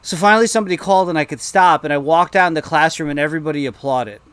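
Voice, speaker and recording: A man in his thirties, talking in a loose, animated, self-mocking way, full of "like" and restarts. His voice sits a little higher than most men's. He spins the story casually for his co-hosts. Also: rapid-fire, smooth, no room sound. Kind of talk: casual chat.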